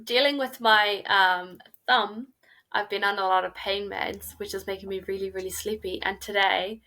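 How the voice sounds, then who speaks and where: A woman's voice: mid-range voice, steady tone, normal speed, bright, forceful tone. A young woman co-hosting a podcast in casual chat, easygoing, telling stories and answering her co-host with short, friendly replies.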